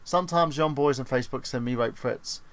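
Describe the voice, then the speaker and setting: A man's voice: medium pitch, brisk, fairly bright tone. A man co-hosting a gaming podcast, reading a news story aloud with rambling asides in casual chat. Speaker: podcast co-host.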